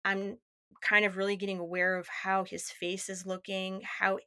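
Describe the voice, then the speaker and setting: A woman guest telling a personal story in an interview, lively and acting out what people said. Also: mid-range voice, normal speed, smooth, no echo, clean studio sound. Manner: lively, acts out others' lines in quotes.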